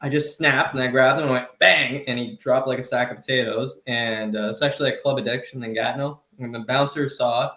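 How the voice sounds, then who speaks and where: A man of middle pitch telling heated stories on a comedy podcast. His voice rings in a roomy, echoey space, and he laughs as he talks. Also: quick pace, hardly any pauses. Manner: heated, animated storytelling with laughs. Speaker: podcast co-host. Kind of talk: casual comedy podcast storytelling.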